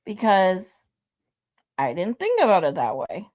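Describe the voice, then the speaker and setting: A woman's voice: mid-range voice, huge pitch swings, unhurried, darkish tone. A woman hosting a casual live stream, thanking viewers between clips. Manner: thanks viewers, laid-back chatter.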